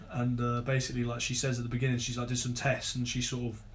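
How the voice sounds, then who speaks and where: Fast-talking man, casual podcast guest. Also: medium pitch, monotone. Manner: rambling, lots of "like" fillers.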